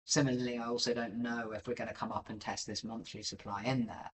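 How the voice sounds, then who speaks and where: A man's voice: mid-range voice, little pitch movement, fast, far from the mic, rough recording. A man giving casual live-stream market commentary over charts, rambling and self-deprecating with many filler ums. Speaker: livestream crypto chart analyst.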